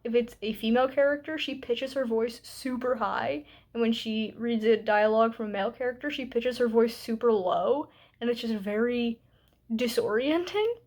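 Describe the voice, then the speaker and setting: Chatty young woman vlogger, a touch high. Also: normal speed, darkish tone. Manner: chatty and candid, with filler words and asides. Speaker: book vlogger. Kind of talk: casual book review vlog.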